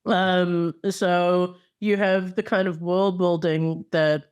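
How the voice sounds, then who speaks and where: A woman's voice: on the low side, little pitch movement, takes it slowly, darkish tone, clear, resonant tone, highs cut off. A woman co-hosting a podcast in casual chat, enthusiastic and playful, with slangy asides and frequent ums. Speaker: podcast co-host.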